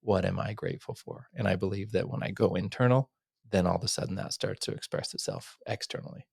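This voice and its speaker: A man hosting a podcast, earnest and rambling, often dropping to a soft near-whisper. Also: low voice, quick pace, vocal fry, breathy edge, no echo, clean studio sound. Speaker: podcast host. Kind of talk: casual interview chat.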